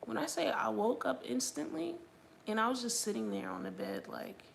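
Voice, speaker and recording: A young adult woman hosts a livestream, sharing a personal faith testimony in a chatty vlog style packed with "like." Her voice is fairly high and gravelly, with lively intonation and a moderate pace. There's slight background noise.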